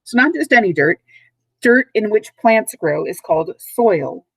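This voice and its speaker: A woman teacher giving a recorded vocabulary lesson, speaking patiently and clearly, repeating and spelling out words, recorded at home. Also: mid-range voice, lively intonation, unhurried, fairly bright tone, no echo, low-quality recording. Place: at home, dogs nearby.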